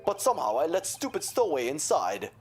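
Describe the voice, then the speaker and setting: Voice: mid-range voice, huge pitch swings, fairly quick, faint music behind. A streamer voicing a proud, rude male Russian sailor in a video game, speaking blunt, broken English with a put-on Russian accent. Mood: haughty.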